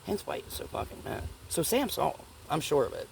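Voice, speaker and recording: A woman's voice: low-pitched, very animated, a little fast, gravelly, a little mellow, slight background noise. A woman vlogger telling a rambling personal story in casual, profane speech, often checking in with her listeners.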